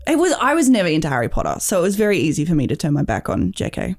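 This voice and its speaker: A woman, co-hosting a casual chat show with dry, quick asides. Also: fairly low pitch, huge pitch swings, gravelly, a little mellow. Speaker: co-host.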